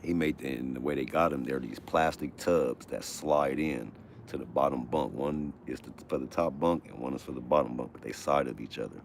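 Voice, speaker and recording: A man's voice: a bass voice, a little fast, gravelly, slight background noise. A man telling a prison story on a live stream from his phone at home, casual, profane and often laughing.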